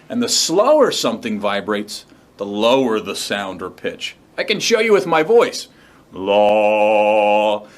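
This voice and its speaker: A man's voice: medium pitch, a bit bright. A man hosting a science demonstration show, explaining step by step with enthusiasm. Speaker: science demo host. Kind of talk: upbeat educational demonstration.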